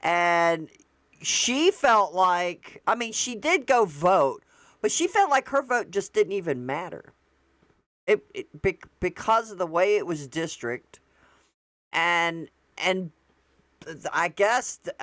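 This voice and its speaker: A woman's voice: mid-range voice, fairly bright tone, no room sound. A woman hosting a show, talking through her thoughts in a casual, rambling way, often restarting and correcting herself. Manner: rambling and conversational, with frequent restarts and self-corrections. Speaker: show host. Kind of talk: casual solo commentary.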